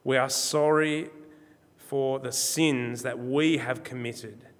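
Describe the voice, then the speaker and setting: A man's voice: mid-range voice, fairly even intonation. Man preaching in a reverberant church. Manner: measured, emphatic, slows on key words. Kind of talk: sermon.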